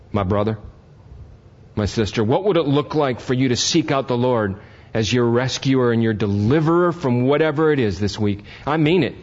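A man's voice: mid-range voice, a little mellow. An older man preaching a sermon as pastor, talking plainly to his congregation and climbing to impassioned emphasis. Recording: dull lo-fi sermon recording.

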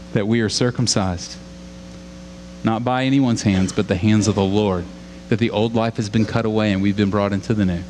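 A male pastor preaching a sermon and praying, voicing scripture with dramatic rises and slowing down for emphasis. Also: lowish voice, slight background noise. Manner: animated preaching, dramatic when voicing scripture, then prayerful.

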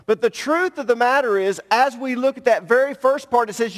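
Middle-aged male pastor, high voice, direct emphatic sermon delivery, long reverb from a church hall. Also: moderate pace, hardly any pauses, fairly bright tone.

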